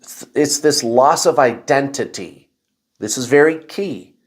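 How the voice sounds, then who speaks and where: Speaking at medium pitch and a little slowly, a man tells his viewers a personal story on a spiritual video he hosts. He's casual and confessional, breaking into animated outbursts and exclamations.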